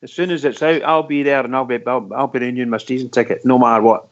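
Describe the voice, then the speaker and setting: A man's voice: medium pitch, steady tone, fast talker. A Scottish man calls into a fan radio show, talking earnestly and circling back over his own words. His voice sits mid-range, and the audio is dull and lo-fi. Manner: earnest, repeats himself, says wee and pal. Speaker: caller. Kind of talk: casual radio phone-in chat. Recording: lo-fi phone-in audio.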